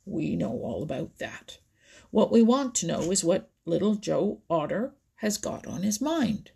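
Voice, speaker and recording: A woman voicing a grumpy old male frog in a storybook, with a deep, gruff put-on voice. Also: sing-song, measured pace, warm tone, heavily acted. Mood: testy.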